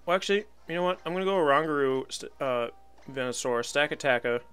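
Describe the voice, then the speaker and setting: A man's voice: fairly high pitch, fast talker, fairly bright tone, clear, resonant tone, soft background music. A young man giving casual live commentary on a video game battle, wry and resigned, laughing at himself now and then. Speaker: gaming channel host.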